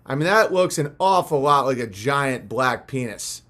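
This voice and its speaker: A man's voice: medium pitch, lively intonation, moderate pace, pushed and bright. A young man hosting a livestream, rambling in a profane, mocking rant. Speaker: livestream host. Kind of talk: ranting livestream monologue.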